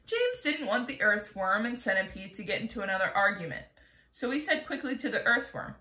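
Animated woman reading a chapter book aloud. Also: medium pitch, a little fast. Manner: expressive, animated. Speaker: storybook reader. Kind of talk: storybook read-aloud. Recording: roomy echo.

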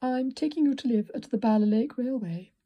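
A woman reading the part of a kindly, reassuring man in a storybook, speaking gently and soothingly. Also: fairly high pitch, a little fast, dull audio, lightly acted. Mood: warm.

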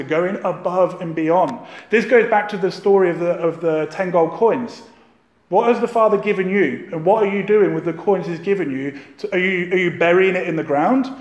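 A man's voice: high voice, echoey room. A man preaching on the weekly Torah portion in an earnest, conversational way, often restarting his sentences and reading scripture aloud with rising emphasis. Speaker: teacher of a fellowship.

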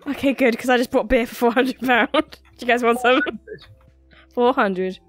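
A young woman hosting a casual let's play with her brothers, giggly and playful, her voice a little hoarse. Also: on the high side, moderate pace, soft background music. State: voice going hoarse. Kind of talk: casual gaming chat.

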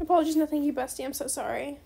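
A young woman chatting bubbly and fast while playing a game, often saying bestie. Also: high voice, creaky, dark tone. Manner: bubbly, fast-talking, says bestie a lot. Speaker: gaming YouTuber. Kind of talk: casual gameplay commentary.

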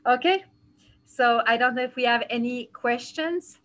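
A woman with a French accent giving a dental education webinar from her office, speaking haltingly with many fillers and restarts over a video call. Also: fairly high pitch, fairly bright tone, rough recording. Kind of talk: webinar lecture with Q&A.

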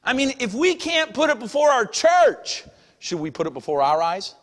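A middle-aged male pastor preaching a sermon, moving between shouted passages and hushed asides, recorded in a church sanctuary. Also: very high voice, very animated, normal speed. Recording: long church hall reverb.

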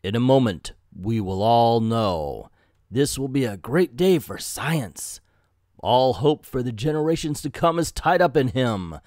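A man playing a solemn scientist who is proud of his creation, speaking in slow, weighty statements. His voice rises and falls widely, and the recording is close and dry. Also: mid-range voice, animated, a little mellow, no echo, lightly acted.

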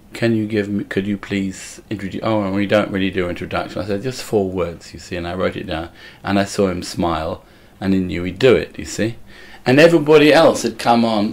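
An older man from England with a fairly low voice spins wry anecdotes in an easy, unhurried way. He slips into the voices of other people as he tells them. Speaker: musical comedian guest. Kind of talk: casual interview anecdotes.

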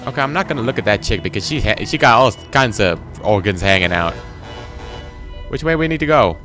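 A teenage boy giving rambling, excitable commentary while playing a video game. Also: medium pitch, a little fast, faint music behind. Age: teens. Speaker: gaming channel host. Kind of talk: gameplay commentary.

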